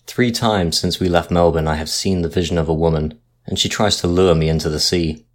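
A man's voice: deep voice, steady tone, fairly quick, lightly acted. A man voicing a terrified male sea passenger who moans and pleads in a storybook tale. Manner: moaning, pleading.

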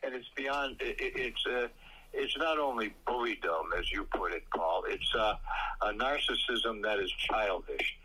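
A man co-hosting a political talk show, speaking haltingly with many fillers and blunt opinions. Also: lowish voice, sharp tone, slightly rough, low-quality recording. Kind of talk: casual political chat.

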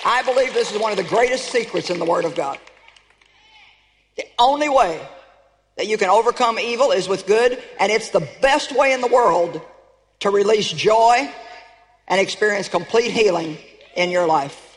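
A woman's voice: mid-range voice, moderate pace, pauses often. Woman preacher, emphatic sermon delivery with call-outs, big hall reverb. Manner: emphatic, calls out to the congregation; storytelling, rising to shouts.

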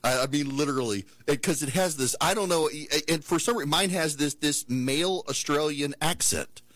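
A man's voice: fairly high pitch, moderate pace, a bit bright, no echo. A male talk show host telling a story and ranting in an exasperated, opinionated monologue.

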